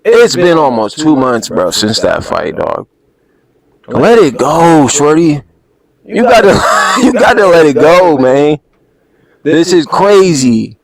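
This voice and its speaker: A man hosting a reaction video with casual, animated, slang-heavy commentary that keeps breaking into laughter. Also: fairly high pitch, slow, gravelly, crowd noise, rough recording.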